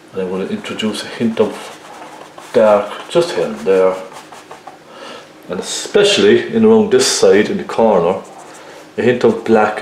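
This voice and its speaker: Relaxed man teaching painting, echoey room. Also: on the low side, slight background noise. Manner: relaxed, checks in with viewers with "okay?". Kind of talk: painting tutorial demonstration.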